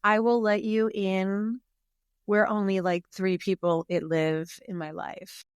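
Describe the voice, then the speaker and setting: A woman talking as a guest on a podcast in casual conversation. She speaks in quick, expressive bursts and wears her feelings openly. Her voice sits mid-range and is recorded dry and close. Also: medium pitch, clean tone, no room sound.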